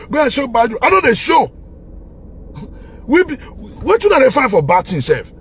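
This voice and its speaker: The voice sits high and creaky, with a little hiss or hum in the background. It belongs to a Nigerian online commentator with a Pidgin-coloured accent, preaching a repetitive, impassioned political monologue and bursting into laughter and shouts.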